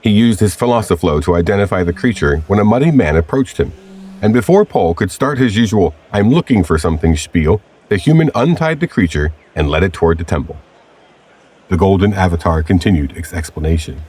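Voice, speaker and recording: A man narrating a scripted audio adventure story in a measured storytelling manner. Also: low voice, lively intonation, darkish tone, breathy edge.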